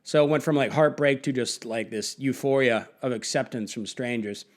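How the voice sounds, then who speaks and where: A man's voice: medium pitch, normal speed. A man, a comedian, telling his story candidly in a documentary interview, rambling with many fillers.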